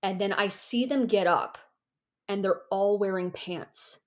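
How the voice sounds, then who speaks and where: A woman's voice: medium pitch, a little slow. A young adult woman, a podcast guest, telling a story with energy, laughing at herself and acting out the voices of the people in it. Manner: animated, self-mocking, acts out voices in her anecdotes. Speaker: guest, author and ex-Jehovah's Witness activist. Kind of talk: casual storytelling in a podcast interview.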